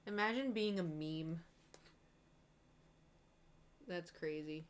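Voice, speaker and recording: Young woman streamer just rambling while painting, animated, keeps quoting herself. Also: medium pitch, normal speed, slight background noise. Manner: rambling, animated storytelling, quotes herself with exclamations. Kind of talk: casual chat while painting on a live stream.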